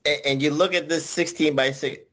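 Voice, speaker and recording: A man's voice: on the high side, fairly even intonation, brisk, a bit bright. A man co-hosting a podcast, mostly agreeing and asking short questions. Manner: brief agreeing interjections and questions. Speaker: podcast co-host. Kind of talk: casual chat.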